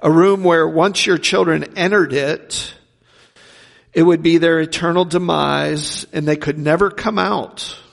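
A man preaching a sermon, asking rhetorical questions and swinging between loud and hushed delivery. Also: a little high, steady tone, a little slow, creaky, long reverb tail.

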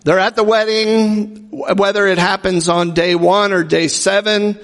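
Male preacher, high gravelly voice, chatty sermon style, hall reverb. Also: level tone, unhurried, fairly bright tone. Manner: conversational, jokey asides, acts out quoted voices. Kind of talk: informal sermon.

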